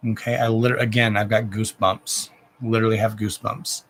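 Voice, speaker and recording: A man giving an oracle card reading on a live stream, speaking gently and emotionally to the viewer with endearments and lots of repetition. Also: fairly low pitch, fairly even intonation, moderate pace, a little hiss or hum, low-quality recording. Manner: repetitive, emotional, self-interrupting.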